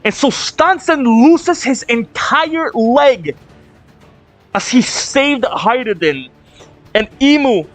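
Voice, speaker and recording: A man hosting a manga reaction video, reading panels aloud with sudden excited outbursts. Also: very high voice, slow pace. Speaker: reaction channel host. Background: faint drum music.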